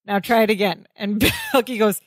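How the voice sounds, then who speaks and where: A woman co-hosting a podcast, retelling a sitcom episode in lively casual chat and laughing often. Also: mid-range voice, moderate pace, no echo. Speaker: podcast co-host.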